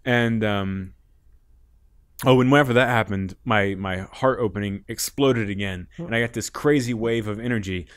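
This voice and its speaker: A man as a podcast guest, telling a long story in a loose, animated way, laughing often and leaning on "like". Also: fairly low pitch, moderate pace, clean tone. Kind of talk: casual storytelling.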